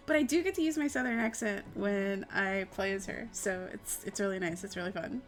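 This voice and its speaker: A woman's voice: medium pitch, normal speed, faint music behind. A young adult woman streaming live, chatting casually with viewers in a giggly, rambling way and swearing freely. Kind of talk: casual chat while answering viewer questions.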